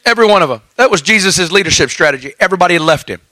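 Male preacher, folksy storytelling sermon, bright tone, high voice. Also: racing, dry recording, poor audio. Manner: folksy storytelling with lively asides.

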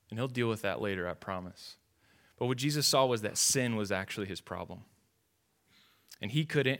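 Male pastor, mid-pitched voice, emphatic, repeats lines and asks the room questions. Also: fairly bright tone. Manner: emphatic, conversational preaching with repetitions and rhetorical questions. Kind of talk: sermon.

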